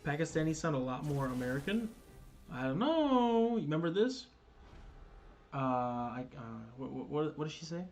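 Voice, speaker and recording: A man's voice: on the high side, brisk, faint music behind. A man hosting a casual gaming livestream, chatting loosely with viewers, swearing and stumbling over restarts and fillers. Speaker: livestream host.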